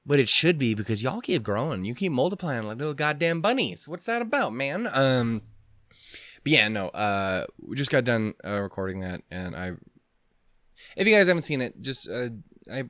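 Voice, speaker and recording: A man's voice: mid-range voice, sing-song, normal speed, a bit bright, dry recording, clean studio sound. A young man hosting an anime reaction channel, rambling casually with lots of swearing and self-mocking laughs. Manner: rambling, heavy swearing, self-deprecating, giggly. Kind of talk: casual chat.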